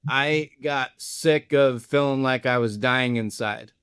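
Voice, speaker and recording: A man's voice: medium pitch, slow pace, fairly bright tone, smooth, no echo, clean studio sound. A man co-hosting a podcast, asking reflective, probing questions and sharing his own experience. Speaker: podcast co-host. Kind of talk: conversational interview questions.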